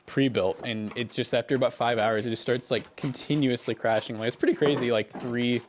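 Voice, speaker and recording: A man's voice: medium pitch, fairly quick, slight background noise. A young man hosting a livestream, chatting casually with viewers and a co-host while building a computer. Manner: relaxed, rambling, answers chat while working.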